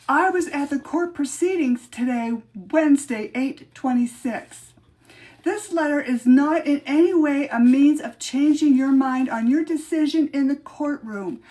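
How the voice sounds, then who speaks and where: A woman voicing an indignant woman who reads out a scolding letter in a shrill, melodramatic manner. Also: darkish tone. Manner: shrill, melodramatic, self-righteous. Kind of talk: dramatic reading.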